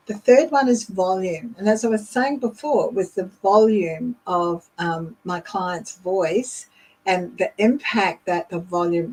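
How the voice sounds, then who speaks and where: A woman hosting a leadership show, explaining in a measured, instructive way with occasional fillers. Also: on the low side, darkish tone, low-quality recording. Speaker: leadership coach and podcast host. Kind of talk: instructional talk.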